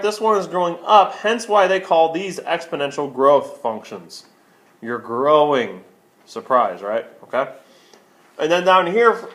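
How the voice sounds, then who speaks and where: A man's voice: mid-range voice, a bit bright. Man teaching math, asking his own questions. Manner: asks questions and answers them himself, with frequent okays. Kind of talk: screencast lesson explaining on a tablet.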